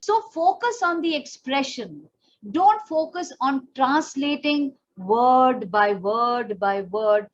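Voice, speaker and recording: Higher-voiced Indian woman coaching patiently. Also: dull audio. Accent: Indian English. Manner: patient, explanatory, slips into Hindi phrases. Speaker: pageant trainer. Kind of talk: coaching lesson.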